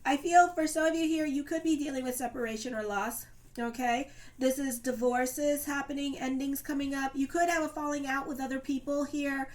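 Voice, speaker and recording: Speaking at a moderate pace, this astrologer and tarot reader pulls cards for her audience in a relaxed, chatty way to camera. Her slightly high voice carries plenty of "okay" and "you know," and her tone remains sincere and comforting as she talks straight to viewers.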